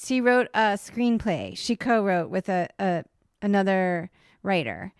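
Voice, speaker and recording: A woman co-hosting a podcast from home, telling a story in a casual, animated way, peppered with "like" and swearing. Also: medium pitch, measured pace, clean tone, no room sound, clean studio sound. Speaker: podcast co-host. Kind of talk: casual chat.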